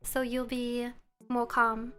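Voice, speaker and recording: A woman streamer chatting casually with her viewers. She is relaxed and laughs often. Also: fairly high pitch, takes it slowly, soft background music. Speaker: live streamer. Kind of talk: casual live-stream chat. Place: room at home.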